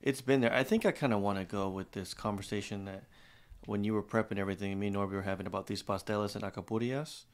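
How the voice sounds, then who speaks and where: A man's voice: fairly low pitch, steady tone, quick pace. A man chatting as a podcast guest, wry and prone to interjecting. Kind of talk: casual chat.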